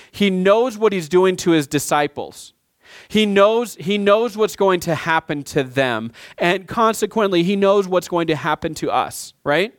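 Male pastor in his 30s, slightly high voice, chatty sermon delivery, dry close recording. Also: smooth, no room sound. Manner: conversational, with frequent "right?" asides and restarts.

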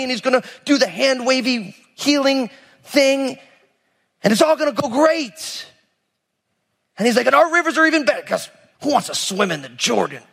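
A male pastor preaching a sermon in a lively, conversational way, acting out biblical figures in casual modern voices. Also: high voice, long reverb tail.

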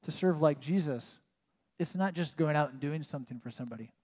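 A man's voice: on the high side, brisk, darkish tone. A man preaching a conversational sermon as a pastor, casual and self-mocking, with many "like" asides. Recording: long reverb of a large hall.

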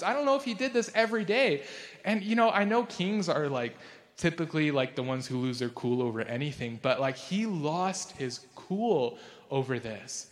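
A man preaching a casual, conversational sermon as a pastor. He uses lots of fillers and jumps up in pitch for emphasis. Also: lively intonation, moderate pace, a bit bright, in a large hall. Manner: casual and chatty, with many fillers like "like".

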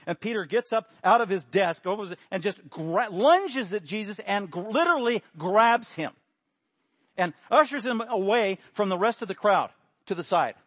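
A man preaching a sermon, animated, acting out quotes with sudden loud emphasis. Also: high-pitched, slightly rough, no echo. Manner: acts out quotes with raised voice.

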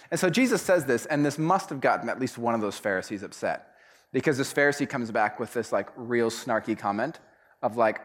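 A man preaching a sermon, retelling a parable in a casual, animated storytelling way. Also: medium pitch, a little fast. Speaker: pastor.

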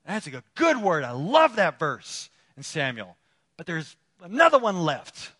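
A pastor delivering a sermon, swinging between loud, emphatic declarations and quiet, intimate appeals, with a repetitive preaching cadence. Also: male voice, sits high, huge pitch swings, measured pace, slightly rough. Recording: long hall reverb.

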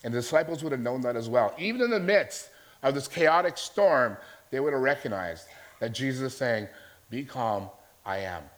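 A man's voice: mid-range voice, big pitch swings, fairly quick. A man preaching a sermon as a pastor, in a conversational storytelling manner that keeps checking in with his listeners.

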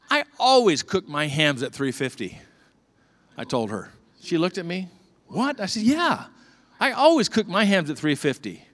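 Animated storytelling male pastor. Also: fairly high pitch. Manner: animated storytelling, swings from quiet to loud. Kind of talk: sermon.

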